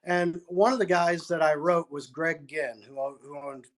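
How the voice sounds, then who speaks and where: A man with a higher-pitched voice speaks at a moderate pace with fairly even intonation. He's a musician guest in an interview, telling a long story, acting out quotes and frequently restarting his sentences.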